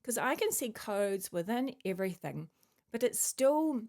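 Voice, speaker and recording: A woman's voice: fairly high pitch, big pitch swings, measured pace, darkish tone. A woman giving a casual, rambling spiritual talk as a channeler, full of fillers and musing asides, chewing a mint while she speaks. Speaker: channeler sharing spiritual messages.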